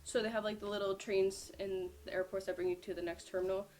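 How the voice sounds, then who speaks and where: A woman's voice: medium pitch, little pitch movement, fast, a little mellow. Chatty young woman telling a vlog story. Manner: chatty, lots of "like" fillers. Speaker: powerlifter vlogger.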